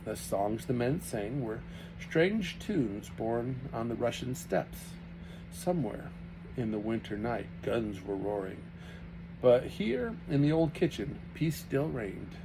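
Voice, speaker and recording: A man reading a children's novel aloud with a steady, unhurried storytelling manner. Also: mid-range voice, noisy background. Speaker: reader.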